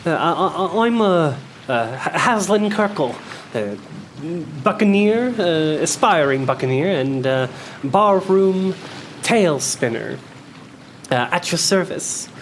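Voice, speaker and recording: Man playing a jittery little pirate recruit, Australian accent, stammers, pitched up a bit. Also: expressive, slow pace, a little hiss or hum. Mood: nervous. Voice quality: stammering, hesitant. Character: nervous small young male pirate recruit.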